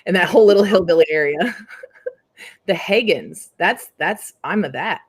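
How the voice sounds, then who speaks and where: A woman's voice: on the low side, lively intonation, normal speed, slightly rough. A woman from central Indiana hosting a casual chat, rambling and giggly, with plenty of filler words. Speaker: host.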